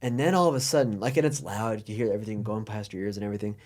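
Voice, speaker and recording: A man's voice: lowish voice, racing, darkish tone. An American man hosting a casual podcast chat, telling stories animatedly with lots of fillers and restarts. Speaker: podcast host.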